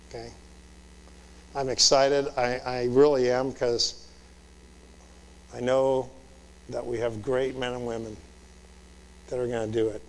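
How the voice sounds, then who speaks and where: A man in his fifties, a military commander, gives a blunt motivational talk from a lecture-hall stage. His voice sits in an ordinary middle register, and he keeps checking in with "Okay?" and firing rhetorical questions. The sound carries a long reverb tail from the big room. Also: medium pitch. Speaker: military commander addressing officer students.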